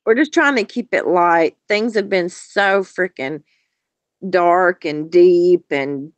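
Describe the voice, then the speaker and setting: A woman's voice: lowish voice, takes it slowly, smooth, dry recording. A woman, joking and talking to viewers by name on a live stream. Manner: warm, joking, talks to chat viewers by name. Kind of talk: casual live-stream chat.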